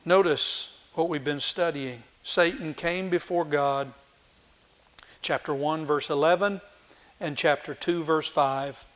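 A man who is a pastor, reading scripture aloud with slow drama and then teaching in plain words with small restarts. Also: fairly high pitch, steady tone, a bit bright.

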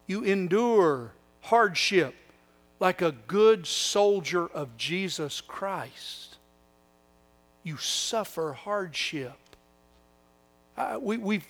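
An older man preaches with a noticeably high voice. He lingers on repeated phrases and drops to a near hush for reverent lines. Then he rises sharply into mocking, whiny impressions. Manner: swings from hushed reverent lines to raised, mocking whiny quotes. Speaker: pastor. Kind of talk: sermon.

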